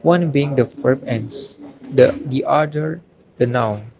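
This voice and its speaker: Slow young man reading a lesson. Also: medium pitch, a little mellow, slight background noise, low-quality recording. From Indonesia. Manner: slow, careful, repeats each example word. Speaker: university student. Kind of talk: reading a recorded phonology lesson.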